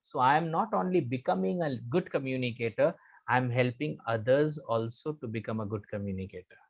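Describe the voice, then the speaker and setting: A man's voice: medium pitch, fairly quick, creaky, lo-fi sound. A middle-aged man with an Indian English accent, teaching a live online communication class and repeating his key phrases, slipping into Hindi at times. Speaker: communication trainer.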